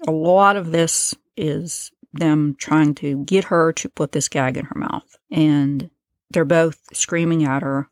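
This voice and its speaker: A woman's voice: sits low, fairly even intonation, slow pace, no room sound, clean studio sound. A woman hosting a true-crime podcast, talking casually as she explains events and reads from a transcript. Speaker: podcast host.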